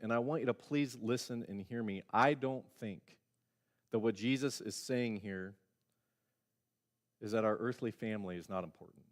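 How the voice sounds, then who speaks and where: Male pastor, middle-aged, mid-pitched, conversational sermon delivery with quick loud-soft swings. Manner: conversational preaching, acting out quoted voices with sudden loud and quiet swings. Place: church sanctuary.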